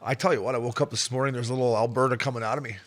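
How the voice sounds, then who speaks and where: A man's voice: medium pitch, steady tone, very fast, a bit bright. A man co-hosting a casual podcast, telling stories in a laid-back way and swearing freely. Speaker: podcast co-host.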